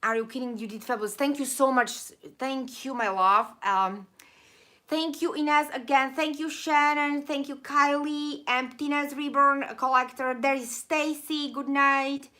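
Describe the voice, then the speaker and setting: Accented lady hosting a livestream, bright high voice, kinda hoarse, gushy and rambly. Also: fairly even intonation. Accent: non-native accent. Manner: rambling, effusive, quick laughs, lots of thank-yous. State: losing her voice. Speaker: channel host of a live stream. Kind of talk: casual live-stream chat reading viewer comments.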